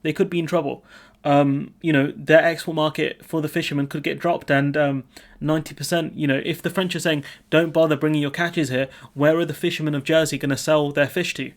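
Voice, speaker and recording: A young man with a slightly higher voice delivers casual news commentary. He sounds informal and opinionated, and keeps his sentences going with frequent fillers. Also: fairly even intonation, fairly quick.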